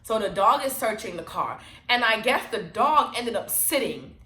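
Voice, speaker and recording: A woman vlogger telling a story in a casual, animated, blunt way, swearing freely. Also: on the high side, normal speed. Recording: roomy echo.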